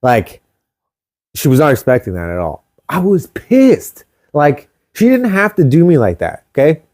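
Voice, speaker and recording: A young man co-hosting a casual chat show, telling a story in an animated way, swearing freely and acting out what people said. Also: on the high side, measured pace. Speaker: co-host.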